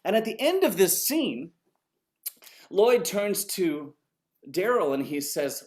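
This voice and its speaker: A man, an orchestra conductor, telling a story in an animated, conversational way and swearing casually. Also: on the high side, moderate pace.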